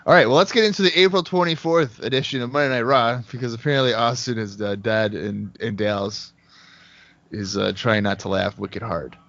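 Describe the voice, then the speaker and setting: A man co-hosting a casual podcast who reads off long lists of results in a dry, steady run, speaking over a remote call. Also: mid-range voice, brisk, gravelly, dry recording. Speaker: podcast co-host. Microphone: remote call headset mic. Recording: dull lo-fi call audio.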